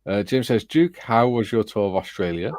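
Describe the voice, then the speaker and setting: A man's voice: on the low side, expressive, normal speed, a little mellow, no room sound. A man hosting a casual livestream, reading viewers' chat messages aloud and chatting with his panel. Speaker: livestream host.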